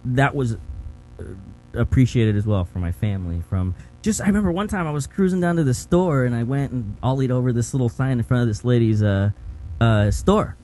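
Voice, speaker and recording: A man's voice: medium pitch, animated, a little fast, warm tone, soft background music, poor audio. A young man from Mexico City, a guest telling his story in a loose, casual way, with lots of fillers and restarts. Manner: rambling, many fillers and restarts. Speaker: guest, pro skater. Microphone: video call.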